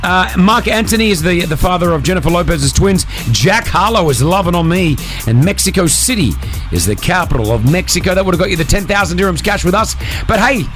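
A man hosting a breakfast radio show, teasing a caller and running a quick quiz. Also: sits high, expressive, fairly bright tone, faint music behind.

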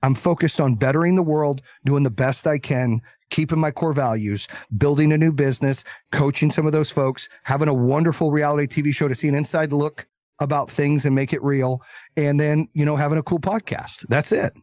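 A man telling stories as an interview guest, talking in an energetic, emphatic, animated way. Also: fairly high pitch, fairly quick, no room sound. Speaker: podcast guest, entrepreneur. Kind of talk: casual interview storytelling.

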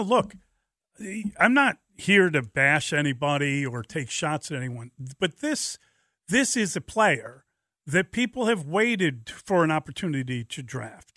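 A male sports radio host makes his points with energy and emphasis. His voice is bright and a little higher than most men's, recorded close and dry. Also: dry recording.

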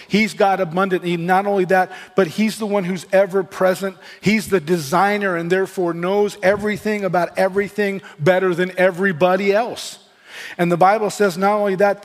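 A male pastor preaching in an earnest, building way, with a somewhat high voice. His words ring out with a long reverb from the church hall around him. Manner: earnest preaching with restarts and rising emphasis. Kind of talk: sermon.

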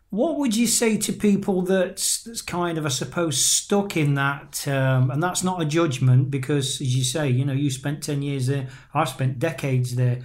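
A man hosting an interview who asks thoughtful questions, pausing to search for his words. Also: a little high, darkish tone. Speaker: podcast host. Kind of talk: casual interview chat.

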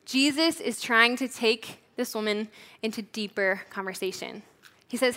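A young woman giving a sermon in a relaxed, chatty way, often saying "like". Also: a little high, moderate pace. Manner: casual, chatty, says "like" often. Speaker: church leader preaching. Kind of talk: conversational sermon.

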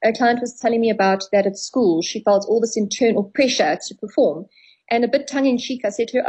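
A woman's voice: fairly high pitch, fairly quick, darkish tone, breathy edge, low-quality recording. A woman therapist as a radio guest, explaining at length and acting out dialogue with clients. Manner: explanatory, acts out quoted dialogue. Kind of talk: radio interview.

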